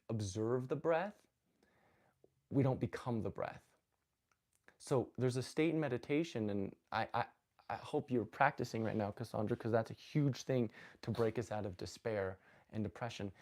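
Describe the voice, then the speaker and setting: A man hosting a live stream on spirituality, talking casually and earnestly, often restarting his sentences. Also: lowish voice. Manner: rambling, self-correcting, earnest and animated. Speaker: host of a live spiritual talk. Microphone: phone.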